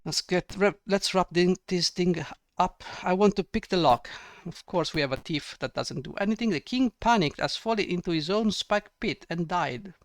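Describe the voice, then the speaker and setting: A man's voice: high voice, moderate pace. A man giving ranting gameplay commentary, exasperated and sarcastic, swearing often. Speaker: let's play gamer.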